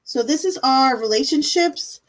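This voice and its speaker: A woman's voice: high voice, lively intonation, unhurried, rough recording. A woman giving a live-stream tarot reading in a casual, chatty way, full of fillers and "like"s. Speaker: tarot reader.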